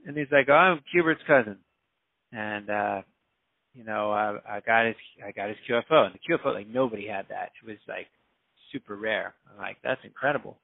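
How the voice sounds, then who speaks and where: Gravelly-voiced man telling a DJ story. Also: lowish voice, brisk, no echo. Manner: animated, acts out quoted voices. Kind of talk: casual storytelling. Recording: dry, phone-like narrow sound.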